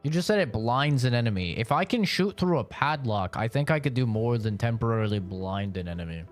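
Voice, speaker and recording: A man's voice: medium pitch, animated, brisk, faint music behind. A young man streaming a game, rambling casually with lots of swearing and filler words. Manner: laid-back, profane, rambling with frequent "like" and laughs. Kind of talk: casual gaming commentary.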